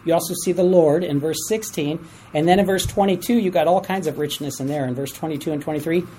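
A teacher leading a Bible study class, asking group members to read verses and explaining them in an animated way. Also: mid-range voice, quick pace, slight background noise, low-quality recording. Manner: animated, asks the class for readers, chuckles at stories. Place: room with a class.

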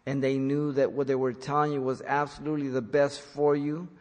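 A man's voice: medium pitch, little pitch movement, fairly quick, big-room sound. A man preaching an earnest sermon, speaking as a pastor who repeats key points for emphasis.

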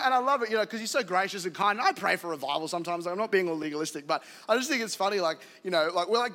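A man preaching a sermon as pastor, joking and animated, with acted-out asides. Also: high-pitched, racing, few pauses, big-room sound. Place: church auditorium.

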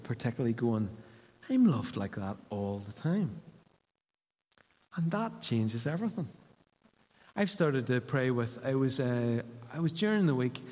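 Pastor preaching, chatty and earnest, mid pitch, echoey church. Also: male voice. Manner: conversational and earnest, with hushed asides. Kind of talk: sermon. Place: church hall. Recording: reverberant church hall.

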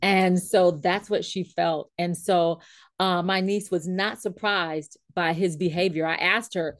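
A woman leadership coach and trainer telling a story in a coaching talk. She is animated, acts out what people said and laughs often. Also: fairly low pitch, measured pace, no echo, studio quality.

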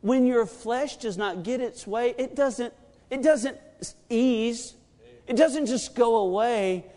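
A man in his thirties preaching a sermon, telling a family story with animated, acted-out quotes. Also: very high voice, takes it slowly, big-room sound. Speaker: pastor.

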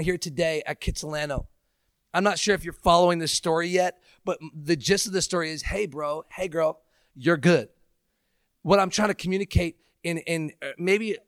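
A man's voice: fairly high pitch, no room sound, clean studio sound. A male pastor preaching an impassioned, emphatic sermon, mixing scripture with casual slang.

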